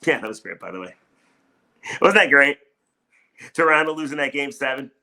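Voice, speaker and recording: A man's voice: medium pitch, animated, moderate pace, gravelly, pushed and bright. A middle-aged man hosting a solo sports talk show, ranting heatedly about his team between casual chat. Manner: fired-up ranting. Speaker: sports radio host.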